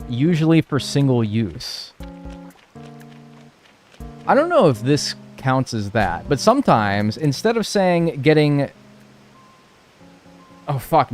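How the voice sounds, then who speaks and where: A man's voice: mid-range voice, darkish tone. A young man streaming a video game, chatting casually and rambling, swearing freely as he talks. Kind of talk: casual stream chat while playing.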